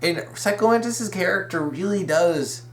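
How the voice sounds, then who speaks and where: A man's voice: high voice, expressive, moderate pace, a little hiss or hum. A young man hosting a casual fan commentary video, rambling, restarting his sentences and correcting himself with eager, opinionated enthusiasm. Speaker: video essay host.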